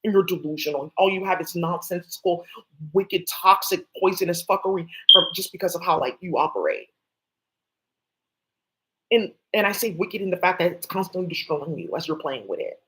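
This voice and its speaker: A woman's voice: on the low side, lively intonation, normal speed, fairly bright tone, low-quality recording. A woman on a livestream ranting in an agitated, profane way and answering voices that no one else hears. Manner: agitated, profane, talks back at unseen voices. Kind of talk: rambling livestream rant.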